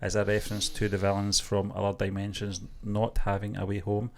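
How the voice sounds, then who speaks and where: Low-voiced man hosting a movie chat. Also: completely flat delivery, fairly quick, a crowd in the background. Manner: hesitant, many fillers while reading news. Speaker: co-host. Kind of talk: casual podcast chat.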